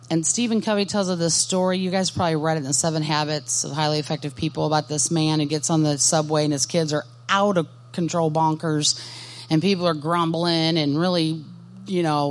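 A woman giving a Christian ministry workshop talk, speaking in an earnest, direct way and putting questions to her audience. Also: sits low. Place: conference workshop session.

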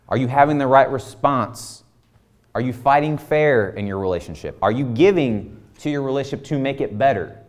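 A man in his thirties preaching a conversational sermon full of rhetorical questions. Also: medium pitch. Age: 30s. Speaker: pastor.

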